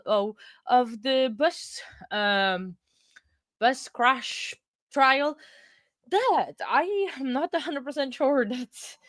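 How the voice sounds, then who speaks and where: A woman's voice: fairly high pitch, no room sound. A woman hosting a casual livestream from home, chatting loosely with viewers and laughing often between rambling sentences. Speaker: livestream host.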